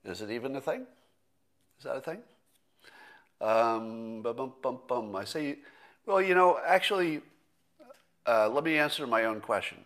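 A man's voice: medium pitch, expressive, a little slow, pauses often, fairly bright tone. A middle-aged man hosting a casual solo commentary stream, rambling and thinking aloud with fillers and restarts, sometimes sarcastic. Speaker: host.

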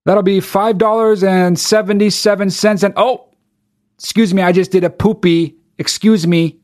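A man's voice: high-pitched, fairly even intonation, normal speed, voice pushed up, close to an everyday voice. A man voicing a grown man acting like a baby while working as a cashier, slipping into babbling baby talk. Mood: babyish.

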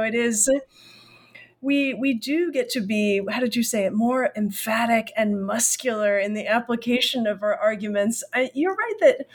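A middle-aged woman hosting an academic podcast interview, effusive and animated, with a self-deprecating, chatty way of talking. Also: high-pitched. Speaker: podcast host.

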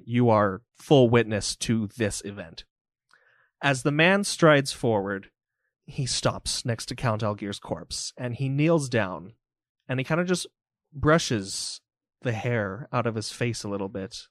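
Man, game master, slow descriptive narration, dry close sound. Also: medium pitch, dry recording. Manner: vivid, descriptive, loose with fillers.

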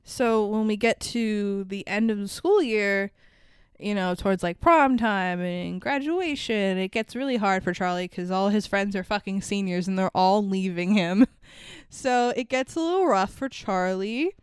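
A woman's voice: mid-range voice, a little slow, clear, resonant tone, no echo, studio quality. A woman co-hosting a casual movie podcast, swearing freely, laughing often and acting out the characters' lines. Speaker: podcast co-host. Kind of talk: casual movie-review chat.

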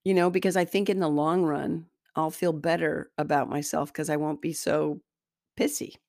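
A woman's voice: low voice, level tone, moderate pace, creaky, darkish tone, no room sound, clean studio sound. A woman hosting a self-help talk as an energy healer, speaking in a candid, conversational and self-deprecating way. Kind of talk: spoken self-help monologue.

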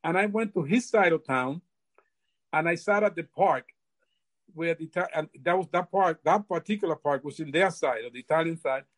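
Older man, halting, repeats himself. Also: on the high side. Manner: halting, repeats words often. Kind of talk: casual storytelling.

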